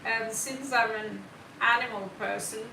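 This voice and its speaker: A woman's voice: fairly high pitch, fairly even intonation, measured pace, vocal fry, recorded from a distance, noisy background. A woman hosting a live tarot stream, chatting casually and greeting viewers by name as she rambles. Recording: roomy, set back from the mic.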